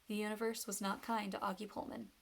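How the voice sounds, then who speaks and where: A woman's voice: mid-range voice, level tone, fast talker, gravelly. Woman reading as a breezy, knowing teen cheerleader. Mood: casual. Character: confident teen girl, pink-haired cheerleader.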